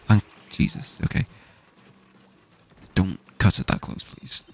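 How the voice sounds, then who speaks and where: A man's voice: lowish voice, big pitch swings, slow pace, creaky, long pauses. A young man from the UK ranting casually and swearing while playing a game, with frequent restarts. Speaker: gaming streamer. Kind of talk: casual rant while gaming.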